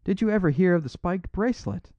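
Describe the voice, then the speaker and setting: A man's voice: mid-range voice, lively intonation, normal speed, darkish tone, no echo, lightly acted. A man reading an audiobook, voicing a bold, mocking male master thief in a dry, dull recording. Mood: astonished. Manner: mocking, boisterous.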